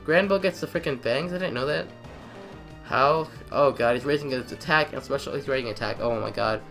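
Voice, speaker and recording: A young man giving excitable let's-play commentary, trash-talking the game and repeating phrases in quick bursts. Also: mid-range voice, creaky, soft background music. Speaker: gamer.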